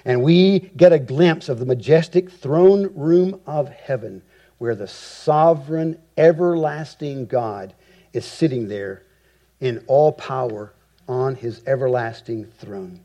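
A man preaching an expository sermon, with emphatic rhetorical repetition and deliberate phrasing. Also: medium pitch, warm tone. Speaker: pastor.

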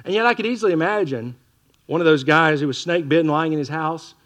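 Animated preacher, a man with a slightly high voice. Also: fast talker. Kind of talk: sermon.

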